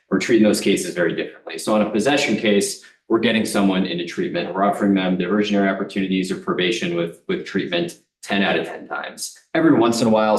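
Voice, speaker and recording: A man from a district attorney's office giving a hurried, matter-of-fact report at a council meeting. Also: sits low, reverberant, distant mic. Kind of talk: public presentation at a council meeting.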